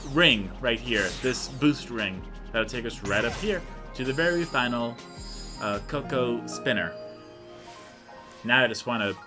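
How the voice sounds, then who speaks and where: A young man giving casual, rambling, self-deprecating commentary while playing a video game. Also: medium pitch. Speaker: let's play host.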